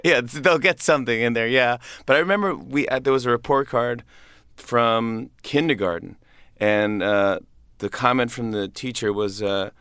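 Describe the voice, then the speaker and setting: A man's voice: medium pitch, normal speed, fairly bright tone, clean tone, no echo, clean studio sound. A comedian in his thirties chatting in an interview, upbeat and rambling with many restarts and laughs. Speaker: comedian guest. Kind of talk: casual interview chat.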